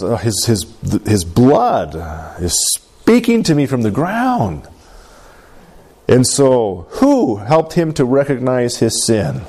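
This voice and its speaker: A man's voice: mid-range voice, mellow. A man leading a Bible lesson, asking the group questions and tagging sentences with "right?". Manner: asks the group questions, keeps adding "right?". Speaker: Bible study teacher.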